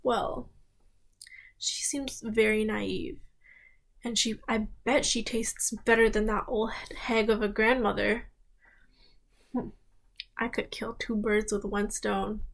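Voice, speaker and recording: A woman's voice: medium pitch, level tone, gravelly. Sly scheming wolf, as a woman puts him on. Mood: scheming whisper. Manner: sly, drawn-out musing hums, whispered asides. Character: big bad male wolf, sly and scheming.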